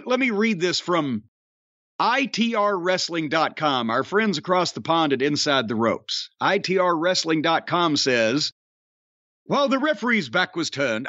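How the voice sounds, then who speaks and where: A man's voice: high-pitched, sharp tone, no echo, muffled recording. A man hosting a podcast, telling stories in a profane, laughing, casual chat. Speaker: podcast host.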